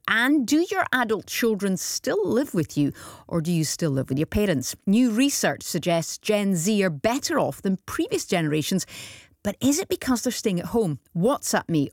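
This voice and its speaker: A woman presenting a live radio phone-in show, brisk and lively. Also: mid-range voice, no echo, studio quality.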